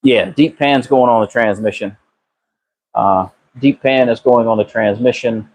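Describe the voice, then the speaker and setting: A man's voice: mid-range voice, unhurried, low-quality recording. Man, garage live-streamer, laid-back drawl, cusses casually, talks to chat on a phone mic. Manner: relaxed, drawling, swears freely, answers chat by name. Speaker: car builder live-streaming a transmission repair. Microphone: phone camera.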